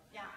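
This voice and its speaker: Keynote: woman with a Georgia accent, quick and energetic, higher-pitched voice, echoey hall, mic at a distance. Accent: Southern US (Georgia). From Georgia, USA. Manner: energetic, conversational storytelling. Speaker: keynote speaker. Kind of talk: conference keynote. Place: large conference hall.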